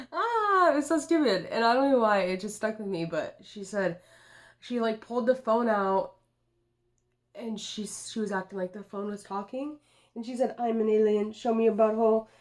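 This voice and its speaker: In this loose, rambling tarot vlog, the reader, a woman in her twenties, keeps dropping profanity and "dude." She speaks a bit slowly in a slightly high, expressive voice.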